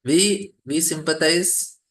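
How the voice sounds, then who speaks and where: A man's voice: on the high side, slow, a bit bright. A man teaching a devotional scripture class in a loose, conversational way, often laughing and using fillers.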